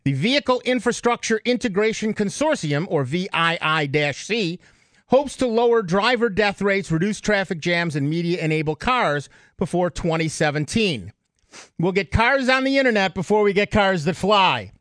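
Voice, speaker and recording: A man's voice: sits high, expressive, normal speed, fairly bright tone, no echo, clean studio sound. A man hosting a radio talk show, chatty and joking with his co-hosts. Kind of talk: casual radio banter.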